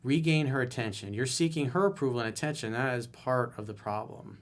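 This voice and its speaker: A dating coach reads viewer emails out loud and responds with blunt, exasperated remarks. His voice sits at a medium pitch, and he talks a little fast.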